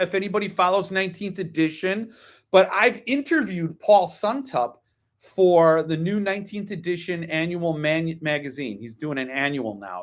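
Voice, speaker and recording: This is a man with a slightly high-pitched voice, hosting a casual live stream about books. He chats loosely, full of ums and side remarks. He readily slides into opinionated, wryly grumpy rants. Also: a bit bright. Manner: opinionated, wry grumbling rants; chatty, digresses with ums and asides. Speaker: host.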